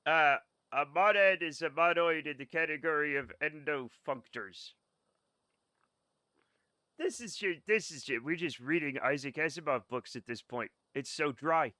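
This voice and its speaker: A man's voice: fairly high pitch, measured pace, sharp tone, no echo. A young man streaming a game, chatting casually and sarcastically with his chat and swearing now and then. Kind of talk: casual chat reading live chat while gaming.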